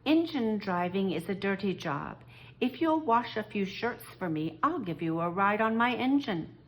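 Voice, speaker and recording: A woman voicing a kindly but stern male train engine driver in a storybook read-aloud, in a calm, plain voice. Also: mid-range voice, moderate pace.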